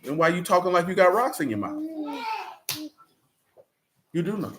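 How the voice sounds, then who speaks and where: A man's voice: sits high, sing-song, moderate pace, noisy background. A man leading an interactive Bible study in a classroom, speaking in with a conversational, call-and-response manner and teasing asides. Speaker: Bible teacher. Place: classroom with a group.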